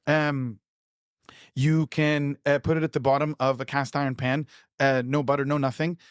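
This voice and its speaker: A man's voice: medium pitch, little pitch movement, normal speed, clean tone, dry recording, studio quality. A man, a pitmaster, chatting enthusiastically in an interview, rambling with lots of fillers and restarts. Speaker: pitmaster and producer. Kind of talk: casual conversational interview.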